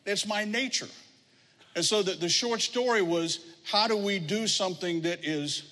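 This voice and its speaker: Pastor preaching in a reverberant hall. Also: male voice, high voice, moderate pace, pushed and bright. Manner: storytelling, acts out quoted voices. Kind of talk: sermon.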